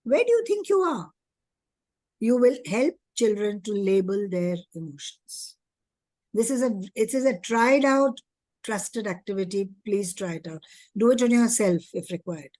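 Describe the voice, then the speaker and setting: A woman's voice: medium pitch, measured pace, a little mellow, dry recording. A woman, giving an earnest teacher training talk and asking many rhetorical questions. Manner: earnest, asks rhetorical questions, acts out child and teacher voices. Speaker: early childhood education trainer.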